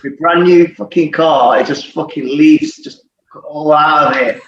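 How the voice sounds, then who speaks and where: Swearing constantly and laughing through his tales, a man in his forties who once played football chats casually as a podcast guest. His voice is a little high, a bit bright, and a little slow. Faint hiss sits under a roomy, muffled recording.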